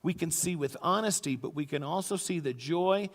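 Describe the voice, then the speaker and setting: In a church sanctuary, a middle-aged pastor tells stories in his sermon at normal speed, his voice notably high for a man. He occasionally bursts into quoted lines, loud and high, and a long church-hall reverb surrounds the sound.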